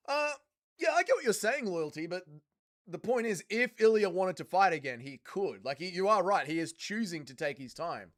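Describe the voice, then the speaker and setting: A man's voice: on the high side, expressive, normal speed, fairly bright tone. A young Australian man hosting a livestream, chatting casually and crudely while reading out viewer comments. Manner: blunt, crude, joking. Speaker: livestream host.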